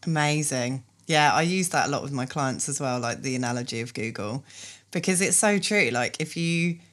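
A low-pitched woman hosts a podcast in a casual interview. She talks candidly and animates her own stories as she questions her guest. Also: normal speed, a bit bright. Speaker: podcast host.

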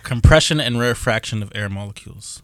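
A man's voice: on the low side, quick pace, no echo, studio quality. A man co-hosting a casual group podcast, arguing his point, laughing often and swearing. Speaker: podcast co-host.

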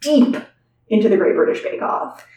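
A woman's voice: medium pitch, lively intonation, moderate pace, mellow. A woman in her thirties co-hosting a podcast, chatting in a bubbly, giggly way with slang. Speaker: podcast co-host. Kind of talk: casual chat. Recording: roomy distant mic with faint hiss.

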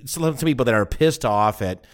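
A man's voice: mid-range voice, lively intonation, fairly quick. A man co-hosting a casual comedy podcast, wry and questioning, with casual swearing. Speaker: podcast co-host.

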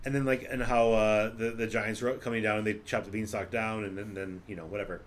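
A man's voice: on the low side, flat delivery, fairly quick. Guy rambling about movies on a podcast, lots of "like" and "um", faint hiss behind him. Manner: rambling, heavy on fillers. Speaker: podcast co-host. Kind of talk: casual chat.

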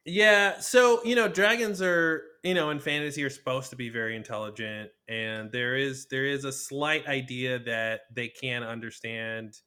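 A man in casual podcast talk with a bright, forceful tone. He lays out his reasoning step by step and often hedges with "you know". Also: mid-range voice, normal speed, hardly any pauses, clear, resonant tone. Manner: analytical, building an argument.

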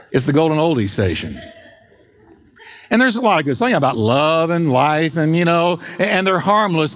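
A middle-aged man pastor preaching an emphatic sermon, slowing and stretching key words for weight. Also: mid-range voice, in a large hall. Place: church sanctuary.

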